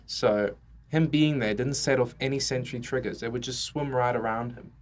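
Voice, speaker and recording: A man's voice: mid-range voice, normal speed, slight background noise. A young man co-hosting a casual comedy podcast, teasing his friends and telling stories with laughter. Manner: laughing, teasing, animated storyteller. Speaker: podcast co-host.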